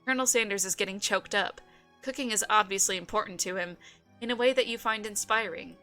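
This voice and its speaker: A woman's voice: mid-range voice, fairly quick, bright, forceful tone, soft background music. A young woman with a nasal, stuffed-up voice plays a dating game, reading its text aloud and breaking off with playful, mocking laughs. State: nasal from a cold. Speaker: streamer playing a dating game.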